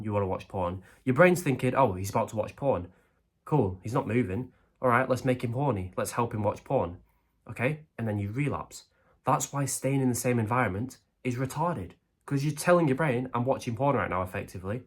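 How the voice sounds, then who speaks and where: Blunt young man with a husky low voice. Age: young adult. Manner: blunt and crude, asks rhetorical questions, often adds "right?" and "okay?"; acts out the brain's voice in quoted asides. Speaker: self-improvement YouTuber. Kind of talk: direct-to-camera advice monologue.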